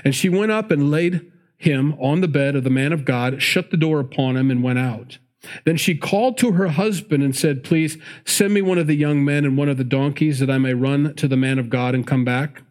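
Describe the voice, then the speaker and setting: A man's voice: a little high, normal speed, a little mellow. A man preaching a sermon, reading scripture aloud and breaking off into chatty asides, correcting himself as he goes. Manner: chatty asides between read verses, self-correcting.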